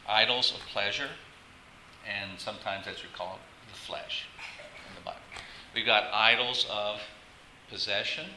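A man pastor giving a casual, halting sermon to his congregation, repeating words and laughing often. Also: on the low side, fairly even intonation, pushed and bright. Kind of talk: conversational sermon. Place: church sanctuary. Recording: echoey room, faint ambient noise.

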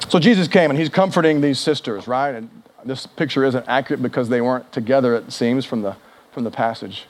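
A man preaching a sermon, animated and conversational, acting out quoted speech with big swings in pitch and volume. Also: fairly quick. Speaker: pastor.

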